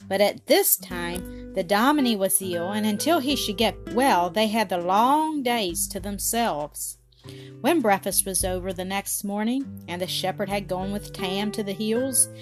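A woman narrating a children's storybook in a calm, measured reading. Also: medium pitch. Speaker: audiobook narrator. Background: faint guitar music.

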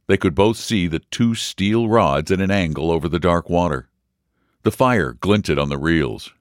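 A man reading a story aloud in a measured, expressive narration. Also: low-pitched, dry recording, studio quality. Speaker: audiobook reader. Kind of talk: scripted narration.

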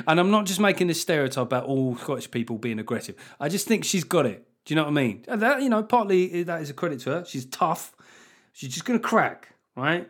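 A man's voice: on the high side, very animated, fairly quick, fairly bright tone. A man hosting a comedy podcast, delivering a sardonic, sweary monologue with lots of laughter.

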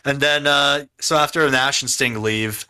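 A man's voice: medium pitch, fairly even intonation, a little slow, sharp tone, clean tone. A man co-hosting a casual podcast who recaps a show and often chuckles. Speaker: podcast co-host.

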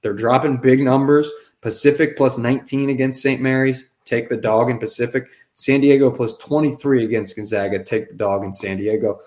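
A man's voice: mid-range voice, fairly even intonation, moderate pace, few pauses, darkish tone. A man co-hosting a casual sports podcast and rattling off confident betting picks. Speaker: podcast co-host.

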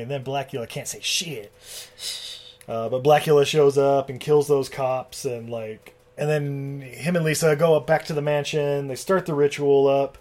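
Male co-host, mid pitch, loose and profane recapper. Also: fairly even intonation, normal speed, a little mellow. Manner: rambling, profane, laughs often. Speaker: podcast co-host. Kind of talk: casual chat recapping a film.

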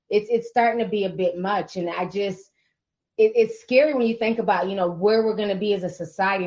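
A woman hosts a call-in show in a conversational, affirming way, her voice at a middle pitch. The audio is dull and lo-fi. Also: darkish tone. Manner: conversational, affirming, many "you know"s. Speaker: host.

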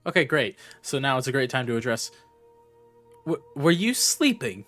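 Man in tabletop role-play, measured, reasoning, patient, middle pitch, soft music. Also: very animated. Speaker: player.

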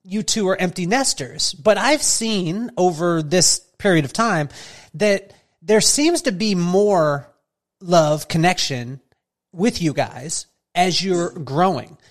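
Speaking slowly in a high, animated voice, a man hosts a podcast interview. He chats casually, tells funny stories and laughs a lot in a jokey way.

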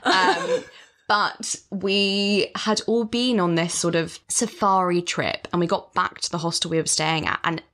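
A woman's voice: on the low side, expressive, unhurried, a bit bright. A young woman, chatting as a podcast guest and telling stories with self-mocking humor. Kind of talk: casual chat.

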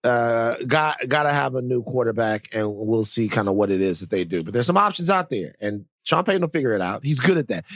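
Animated and brisk, with hardly any pauses, a man co-hosts a podcast in casual, rambling chat packed with fillers and restarts. His mid-range voice is a bit bright, recorded dry with clean studio sound.

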